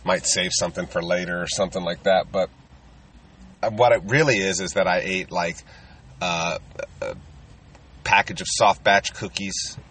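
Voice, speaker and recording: A man's voice: deep voice, steady tone, moderate pace, long pauses, fairly bright tone, far from the mic. A man, a touring stand-up comedian, rambling casually and self-deprecatingly with lots of fillers.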